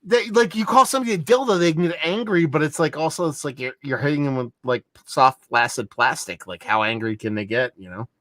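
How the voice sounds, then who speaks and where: A man co-hosting a podcast in casual chat, animated and profane, swinging between loud and soft. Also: a little high, fairly quick, few pauses, no room sound. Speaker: podcast co-host.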